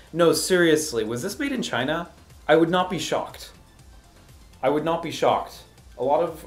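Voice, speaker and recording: A man giving casual game review commentary, sarcastic and exasperated, breaking into animated rants. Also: medium pitch.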